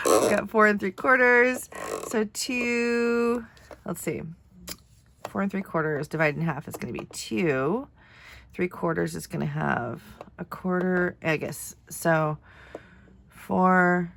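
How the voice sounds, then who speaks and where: Low, gravelly, nasal-sounding woman crafting. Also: a little slow, pauses often, fairly bright tone, a little hiss or hum. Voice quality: nasal from congestion. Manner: chatty, thinking aloud while measuring and folding. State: congested after a cold. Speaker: first grade teacher. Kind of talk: casual crafting tutorial.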